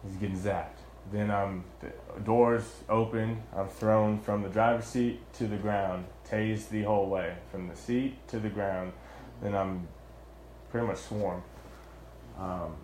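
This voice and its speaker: A young former Marine with a lowish voice recounts his own arrest bluntly and heatedly, swearing and restarting often. The recording sounds roomy, with a little hiss or hum.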